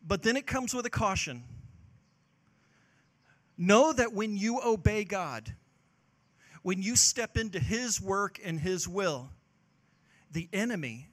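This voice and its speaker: A male pastor with a high, bright, forceful voice preaches a fervent sermon. He alternates between booming calls to action and hushed, sincere passages.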